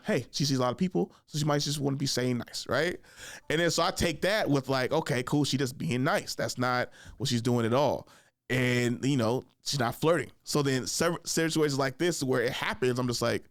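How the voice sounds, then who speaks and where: A man's voice: medium pitch, dry recording, studio quality. A young adult man hosting his own podcast, telling loose, rambling stories full of fillers and laughing at himself. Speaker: podcast host. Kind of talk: casual storytelling monologue.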